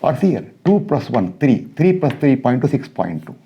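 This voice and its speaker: A man's voice: mid-range voice, very animated, dark tone, breathy edge. A man teaching structural engineering in a classroom lecture, working through calculations aloud step by step and checking in with his students. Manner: addresses students directly with quick checks. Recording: dull lo-fi recording.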